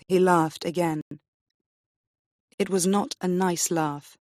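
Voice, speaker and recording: English teacher lady reading a story for learners, slow and clear, slightly low voice. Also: fairly even intonation, a little mellow, no echo, clean studio sound. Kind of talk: slow graded-reader story narration.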